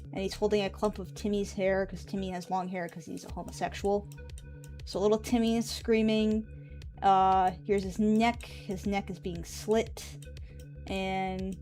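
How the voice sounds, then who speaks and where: A woman's voice: mid-range voice, a little mellow. A woman streamer chatting casually on a live stream, rambling and offhand with drifting asides.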